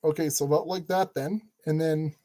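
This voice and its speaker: Mellow, chatty man building a toy kit. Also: fairly high pitch, fairly even intonation, normal speed. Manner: chatty and jokey, talking to himself while building. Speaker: channel host giving building instructions. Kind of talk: casual build tutorial narration.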